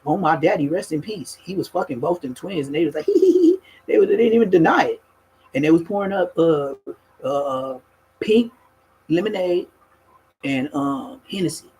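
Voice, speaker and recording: A man tells a rowdy street story in a husky, slightly raspy voice that sits a little high for a man. He talks casually and profanely. He breaks into laughter and mimics the people he describes. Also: moderate pace, poor audio. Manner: animated, profane, laughs mid-story, acts out other people.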